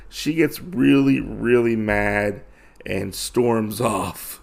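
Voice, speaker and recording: Gravelly man recapping a comic. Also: on the low side, very slow. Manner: loose, enthusiastic retelling with many fillers. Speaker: podcast host. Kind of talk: casual comic book recap.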